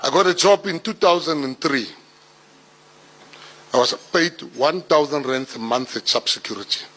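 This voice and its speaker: A South African man in his forties, telling life stories to an audience in an animated way, building to laughing punchlines. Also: on the high side, moderate pace, poor audio. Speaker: public speaker. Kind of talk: storytelling talk.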